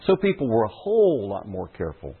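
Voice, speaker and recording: A man's voice: on the low side, huge pitch swings, fast, slightly rough. A man preaching a sermon as a pastor, speaking with emphasis and repeating key phrases for stress. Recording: tinny phone-like audio.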